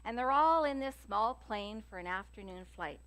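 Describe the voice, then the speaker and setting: A woman minister giving a sermon in a church, telling stories in a chatty, lively way with many fillers. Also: mid-range voice, moderate pace. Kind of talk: sermon with jokes and readings. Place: church sanctuary.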